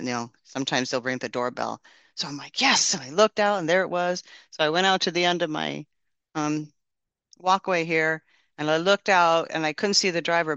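A man's voice: a little high, bright, forceful tone, no echo, dull audio. A man casually sharing a testimony and praying, telling his story in an earnest, rambling way with many restarts.

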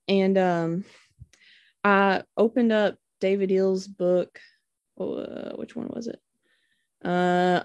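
A woman's voice: medium pitch, a little mellow, no echo. A young woman shares a personal testimony with her church group, wandering through the tale with plenty of "um" and "like." She acts out the quoted voices as she goes. The sound is dry and close. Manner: rambling storyteller, many fillers.

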